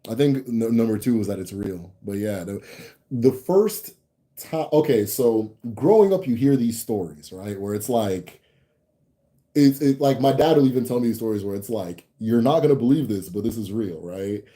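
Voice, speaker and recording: A man's voice: lowish voice, expressive, moderate pace, dark tone. A young American man hosting a casual livestream, reading viewer comments and rambling with restarts and laughs. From United States. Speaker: channel host answering viewer comments.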